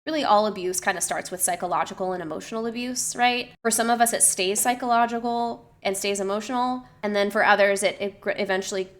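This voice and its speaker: A woman's voice: mid-range voice, fairly even intonation, quick pace, few pauses. Woman musing with a stream chat. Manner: reflective, with many fillers and restarts. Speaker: streamer and personal trainer. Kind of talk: casual talk to a live stream chat.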